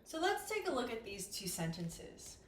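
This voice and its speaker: A woman teaching an English grammar lesson, modeling pronunciation slowly and clearly. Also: fairly high pitch, very animated, slight background noise. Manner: slow, clear, exaggerated pronunciation demos. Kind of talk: classroom-style grammar lesson. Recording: echoey room.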